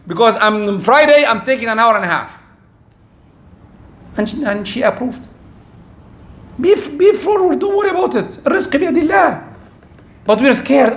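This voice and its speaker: A man's voice: sits high, expressive, brisk, long pauses. A middle-aged man giving a sermon, asking rhetorical questions and dropping Arabic religious terms into his talk. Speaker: preacher.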